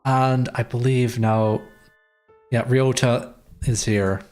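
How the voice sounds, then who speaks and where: A man's voice: medium pitch, fairly even intonation, takes it slowly, a little mellow, soft background music. Man reading a game aloud. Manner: playful, reads all characters. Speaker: streamer. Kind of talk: reading a visual novel aloud.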